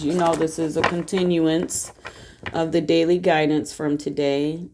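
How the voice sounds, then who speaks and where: A woman with a Southern Georgia accent talks through a tarot reading in a loose, chatty way, full of folksy asides. Her voice sits fairly low. A clear hiss of background noise runs under the recording. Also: little pitch movement, measured pace. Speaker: tarot reader. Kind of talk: casual tarot reading monologue.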